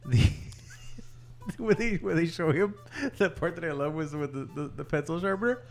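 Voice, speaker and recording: Excitable swearing man in casual chat. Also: on the high side, normal speed, gravelly, faint music behind. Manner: excited, swears often, laughs while retelling scenes. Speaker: podcast co-host.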